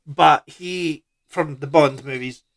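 A man with a slightly higher voice talks through a film in relaxed podcast chat. He rambles a little, trailing off and restarting with easy fillers. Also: slow pace, gravelly. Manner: laid-back, loose, trailing sentences with fillers and swearing. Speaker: podcast co-host. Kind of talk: casual chat about a film.

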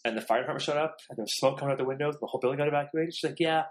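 A man telling a story in casual, profane chat, acting out the other people in it. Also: mid-range voice. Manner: fast, profane, animated storytelling.

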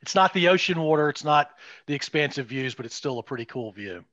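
A man's voice: fairly high pitch, lively intonation, a little fast, fairly bright tone, no room sound, highs cut off. A middle-aged man co-hosting a podcast, chatting casually and rambling with restarts and asides. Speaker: podcast co-host. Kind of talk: casual chat.

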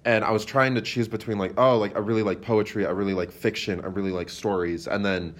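A young man with a lowish voice is a guest on a podcast. He talks loosely and rambles, filling his sentences with "like" and "um" as he explains things. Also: fairly even intonation, fast talker. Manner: rambling, many fillers, lots of "like". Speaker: playwright guest. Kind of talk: casual interview chat.

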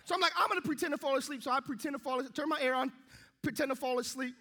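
Young male preacher, very high and forceful voice, animated storyteller. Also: very fast. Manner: lively storytelling, acting out his own thoughts. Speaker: pastor. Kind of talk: sermon with a comic personal story.

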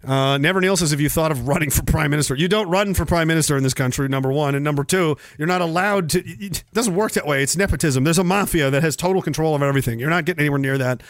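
A man's voice: fairly high pitch, fast, hardly any pauses, dry recording, studio quality. A man hosting a livestream, ranting sarcastically and profanely while reading viewer comments aloud. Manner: profane, sarcastic, acts out mocking voices. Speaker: livestream host.

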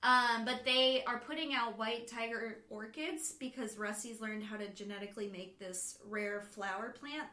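Chatty woman co-host, bright and a touch high, animated retellings, echoey room sound. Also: normal speed, hardly any pauses. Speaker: podcast co-host. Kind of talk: casual book discussion.

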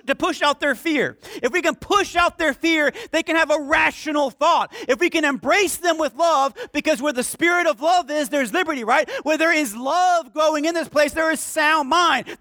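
A man preaching a sermon with passion, swinging from loud declarations to hushed, pleading prayer. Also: extremely high pitch, no echo, clean studio sound. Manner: impassioned preaching, swinging from shouts to hushed pleas. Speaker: pastor.

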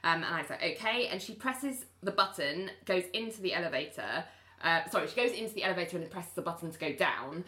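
Female podcast host, low and bright, chatty recapper who quotes every character. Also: fast talker. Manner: animated recapper, voicing characters' lines and laughing. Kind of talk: casual chat.

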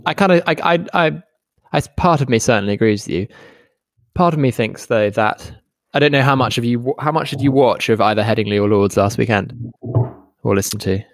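A young man co-hosting a podcast from home, talking in a halting way with many restarts and easy laughter. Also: mid-range voice, dry recording, clean studio sound. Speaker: podcast co-host. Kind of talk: casual chat. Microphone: home microphone.

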